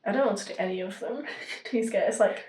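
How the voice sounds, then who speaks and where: A woman's voice: medium pitch, fast, darkish tone, echoey room, rough recording. A young woman, co-hosting a podcast, telling stories with laughs and hesitations. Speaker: podcast co-host. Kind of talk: casual chat.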